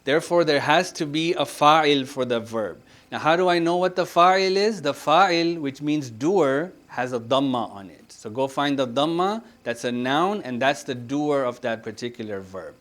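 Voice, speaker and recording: A man leading a religious grammar class, asking his students questions, repeating their answers and reciting scripture quickly. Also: medium pitch, a bit bright. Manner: recites Quranic Arabic quickly. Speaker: religious teacher. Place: mosque centre classroom.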